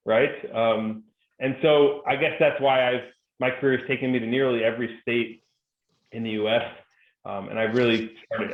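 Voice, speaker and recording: A man from New Jersey, a guest speaker telling jokes and stories in a chatty, upbeat interview. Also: medium pitch. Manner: joking storyteller, upbeat and chatty. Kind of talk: conversational interview. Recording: tinny phone-like video call audio, roomy.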